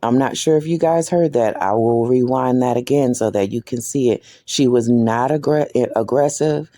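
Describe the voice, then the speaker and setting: A man giving reaction commentary on a video, speaking deliberately with a sarcastic edge. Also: mid-range voice, dark tone.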